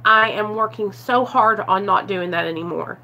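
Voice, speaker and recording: A woman's voice: mid-range voice, moderate pace, sharp tone. A woman vlogger talking earnestly and confessionally to her viewers about recovery, often calling them "you guys" and answering chat comments as they come in. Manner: answers live chat comments mid-talk. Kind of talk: casual live-stream talk to viewers.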